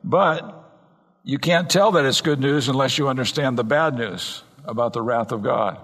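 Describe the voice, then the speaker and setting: A man preaching an earnest expository sermon from the pulpit, slowing down and speeding up to stress points. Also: medium pitch, fairly bright tone. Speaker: pastor. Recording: long reverb in a large hall.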